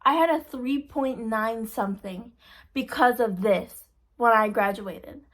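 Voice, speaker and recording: A woman's voice: a little high, a little slow. A young woman in her twenties chatting casually, retelling an exasperating story with lots of quoted dialogue. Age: 20s. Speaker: vlogger. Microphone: phone camera.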